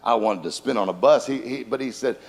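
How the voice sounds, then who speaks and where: A man's voice: mid-range voice, brisk, gravelly. A man giving a humorous motivational seminar talk in a church auditorium, telling anecdotes and jokes. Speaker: motivational speaker. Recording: long hall reverb from a large room.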